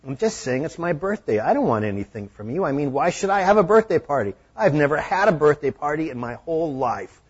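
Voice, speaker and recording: A man's voice: on the high side, big pitch swings, fairly quick, few pauses, slightly rough, pitched above the performer's own voice. Man doing a shy, stammering woman. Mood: hurt. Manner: hesitant, stammering and pleading. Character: lonely woman turning thirty-nine. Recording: dull lo-fi recording.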